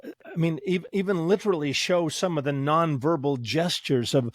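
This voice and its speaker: A man's voice: fairly high pitch, normal speed, no echo, studio quality. A middle-aged man hosting a conversational discussion as a psychologist, who digresses and pushes back on his guest. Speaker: host, psychologist.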